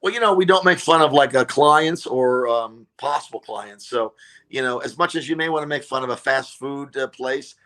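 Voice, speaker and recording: Bright-voiced animated male comedian. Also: medium pitch, normal speed. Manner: animated storyteller, many fillers and restarts. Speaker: comedian and radio show regular, guest. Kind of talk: casual interview chat.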